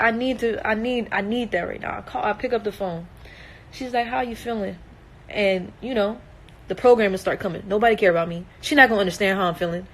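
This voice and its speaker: A woman's voice: mid-range voice, poor audio. A young woman in a distressed, emotional livestream monologue, earnest and emphatic, repeating herself and swearing.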